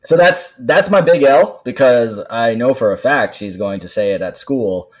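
A man's voice: mid-range voice, normal speed. A man co-hosts a casual podcast about parenting. He tells stories animatedly and laughs as he goes. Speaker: podcast co-host. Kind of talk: casual chat.

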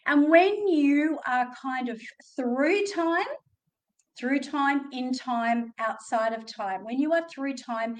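A woman's voice: sits high, slow pace, recorded from a distance. A woman with an Australian accent, a coach talking on her podcast in a chatty, joking way with rambling asides. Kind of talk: motivational podcast talk.

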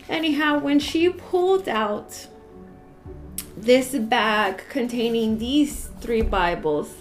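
A woman's voice: high voice, takes it slowly, faint music behind. A woman, crying as she shows old Bibles in a casual vlog, emotional and gushing, with frequent sighs. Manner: emotional, tearful, sighing, gushing with joy. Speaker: Bible study channel host.

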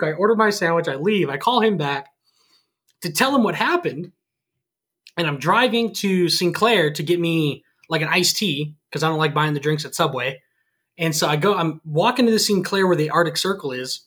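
A man's voice: fairly high pitch, expressive, moderate pace, fairly bright tone, breathy edge. A man in his twenties chatting casually, acting out both sides of conversations as he tells stories. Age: 20s. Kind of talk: casual storytelling chat.

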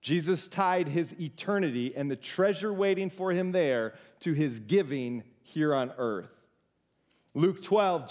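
Animated, high-voiced man preaching. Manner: conversational, animated preaching with direct asides to the congregation. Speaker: pastor. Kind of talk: sermon.

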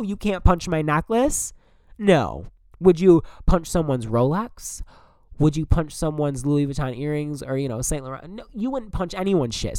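A young man hosting a podcast, telling a story in an animated, exasperated way and swearing often. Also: on the high side, dry recording, clean studio sound. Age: young adult. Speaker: podcast host. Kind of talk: casual storytelling monologue.

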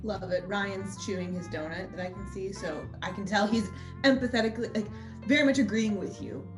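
A woman's voice: medium pitch, a little fast, over music. Chatty woman co-host. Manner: chatty, moderating. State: pregnant. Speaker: podcast co-host. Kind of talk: casual chat.

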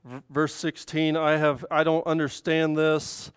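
A woman's voice: low voice, flat delivery, unhurried, smooth, dry recording. Female preacher, earnest sermon delivery, clean dry close-mic sound. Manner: earnest, swelling loud and emphatic on key points. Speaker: women's speaker at a church service. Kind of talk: sermon with scripture reading.

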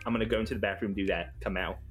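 A man's voice: lowish voice, steady tone, very fast, soft background music. A man playing a tabletop game, giggling often and stumbling over his words. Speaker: player.

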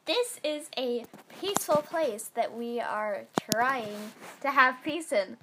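A woman's voice: fairly high pitch, lively intonation, slow, background noise. A woman voicing a rude, snooty female dragon who talks in a snippy, dismissive way.

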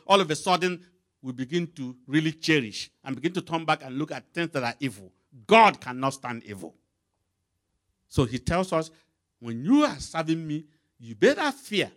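A man's voice: on the high side, a bit bright. A man preaching a sermon with emphatic, rising and falling delivery, calling out scripture references for a reader to read aloud.

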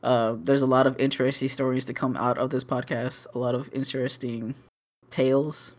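A man's voice: mid-range voice, little pitch movement, normal speed. Rambling, swearing young man on a podcast. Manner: rambling, profane, with fillers and restarts. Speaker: podcast co-host. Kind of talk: casual chat.

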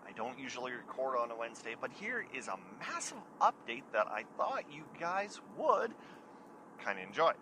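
A chatty man hosts his own show and spins a casual yarn about his own misadventures. His voice is bright and forward, and a faint hiss sits under it. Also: medium pitch, sing-song, normal speed, rough recording. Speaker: podcast host. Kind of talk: casual storytelling.

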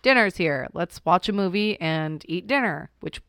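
A woman's voice: fairly low pitch, lively intonation, moderate pace, fairly bright tone, clean tone, dry recording, studio quality. A young woman co-hosting a podcast with her sister at home, chatting casually and laughing at her own jokes. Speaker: podcast co-host. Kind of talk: casual chat.

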